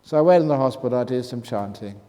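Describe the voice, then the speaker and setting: Joking monk in an echoing hall. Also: male voice, mid-range voice, expressive, fast, dark tone. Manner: joking, reads written questions aloud, chuckles often. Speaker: Buddhist monk teacher answering retreat questions. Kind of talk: humorous question-and-answer talk. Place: retreat meditation hall. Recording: reverberant hall with faint noise.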